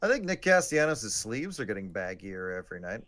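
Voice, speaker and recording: Another podcast co-host jokes and trades sarcasm while narrating a baseball game on a casual live stream. He speaks briskly in a very animated voice that is on the low side and a bit bright.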